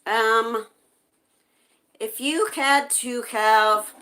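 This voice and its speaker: Lady on a livestream chatting with viewers, slow and gentle, bright voice, lots of ums. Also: fairly high pitch, fairly even intonation. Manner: reads viewer comments aloud and answers them; gentle, with frequent hesitations. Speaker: livestream host. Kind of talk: casual livestream chat.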